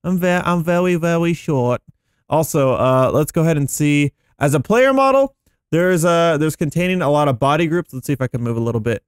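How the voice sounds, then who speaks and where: A man with a somewhat high voice rattles off casual gameplay commentary. He sounds excitable and chatty, thinking aloud as he tries things out. The sound is dry, with no room around it. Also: a little fast, smooth, no echo. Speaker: gaming YouTuber.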